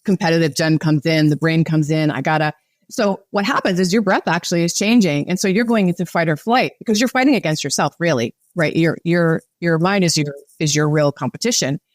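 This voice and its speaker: Woman, breathwork guide, calm and instructive, dry room. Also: sits low, fairly quick, no echo. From United States. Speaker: breathwork facilitator guest. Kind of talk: guided breathing and podcast chat.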